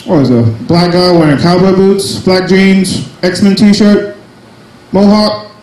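A man's voice: high voice, fairly even intonation, slow pace, darkish tone, roomy sound, rough recording. A young man doing a crude, self-mocking stand-up set at an open mic, full of jumpy asides. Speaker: stand-up comedian. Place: small cafe comedy night.

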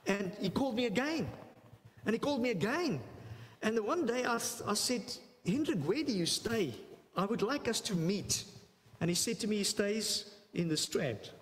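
A man giving a church health talk, telling a story animatedly, repeating phrases for emphasis and acting out the dialogue. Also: high voice. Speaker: health seminar speaker. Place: church hall. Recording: long hall reverb, faint noise.

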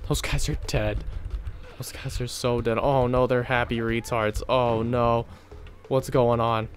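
A man's voice: medium pitch, steady tone, a little slow, long pauses. A man doing gameplay commentary, swearing and getting frustrated at the game. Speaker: let's play gamer.

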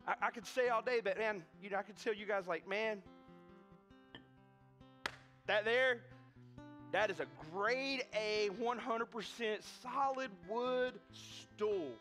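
A man preaching with a notably high, ringing voice, piling on repeated words and quick restarts as he tells his stories. He slips into other people's voices as he goes. Soft guitar plays faintly behind him. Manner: animated, repetitive restarts, acts out quoted voices. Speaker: pastor. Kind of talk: sermon with storytelling. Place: church sanctuary.

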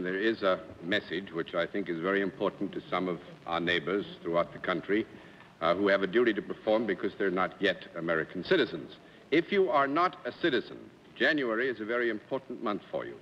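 A man's voice: deep voice, expressive, a little fast, slight background noise. Genial man hosting a 1950s game show. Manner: genial, laughing often. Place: TV studio before a live audience. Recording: lo-fi 1950s broadcast, long hall reverb.

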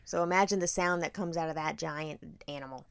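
A woman in her thirties hosting a podcast, telling a story with animated, profane energy. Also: low-pitched, brisk, creaky, clear, resonant tone, no room sound. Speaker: podcast host. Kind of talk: casual storytelling chat.

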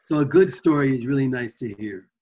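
A man's voice: medium pitch, fairly quick, a little mellow. A man guest on an interview, telling rambling anecdotes about his music career and acting out quotes. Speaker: guest guitarist. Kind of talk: casual storytelling interview.

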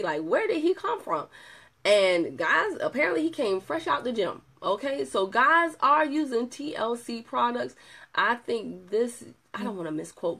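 Young woman, casual vlog host, lively and chatty, slightly high voice with some vocal fry. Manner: animated, chatty, with playful asides and laughter. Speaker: product distributor showing client results. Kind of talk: casual video chat.

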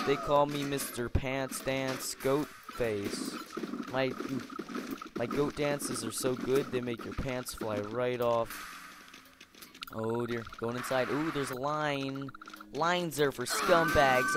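A young man doing goofy, rambling gameplay commentary, scolding game characters in mock-stern tones. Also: medium pitch. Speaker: gameplay video host. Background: game music.

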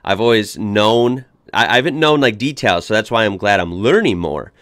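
A young American man hosts a reaction video, chatting in an upbeat, casual way full of fillers and restarts. His fairly low, animated voice has a fairly bright tone and moderate pace, recorded clean in a studio with no room sound.

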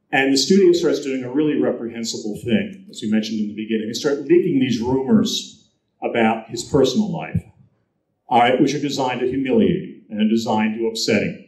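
A male guest speaker giving a storytelling presentation at a convention, lively and anecdotal, acting out the quotes he tells. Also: medium pitch. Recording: roomy echo, captured from the audience.

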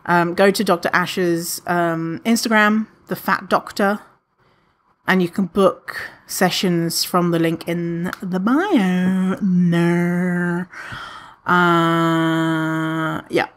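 A woman hosting a podcast, talking candidly and casually to listeners, with many fillers and lively retellings. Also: on the low side, very slow. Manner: candid, chatty, frequent fillers, animated when retelling. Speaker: podcast host answering listener questions.

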